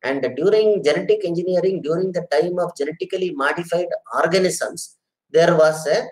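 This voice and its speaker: A man's voice: sits high, a little fast, low-quality recording. Guy, middle-aged, teaching an online class, earnest, keeps saying sir and madam. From India. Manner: earnest, repeats phrases, addresses listeners as sir and madam. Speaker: lecturer. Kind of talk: online lecture with audience questions.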